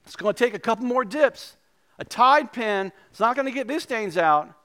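A male pastor preaching a sermon in a conversational, animated way. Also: extremely high pitch, moderate pace.

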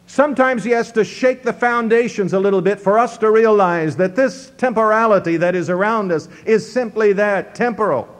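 A pastor with a high voice preaches a sermon at normal speed with hardly any pauses. He teaches through scripture verse by verse, his voice sweeping up and dropping down.

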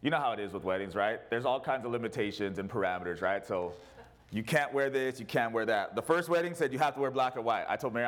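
A man's voice: mid-range voice, fast. A male pastor preaching a sermon in an emphatic, repetitive way.

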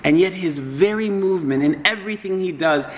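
A man preaching a sermon, passionate, racing through some phrases and slowing to solemn stresses on others. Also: high voice, slight background noise. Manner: impassioned, swings between fast bursts and slow solemn stresses. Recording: long hall reverb.

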